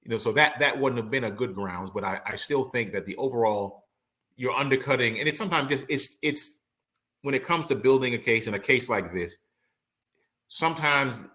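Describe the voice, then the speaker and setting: Bright-voiced man acting out courtroom lines. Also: mid-range voice, normal speed. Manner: animated, acts out courtroom quotes, slangy asides. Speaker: criminal and appellate attorney, guest. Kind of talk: casual legal analysis chat.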